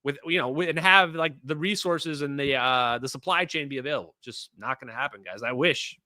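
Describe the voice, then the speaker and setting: A man's voice: mid-range voice, fairly quick, no room sound. A man hosting a livestream, talking casually and animatedly to his viewers. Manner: animated, conversational, addresses viewers as guys. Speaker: host.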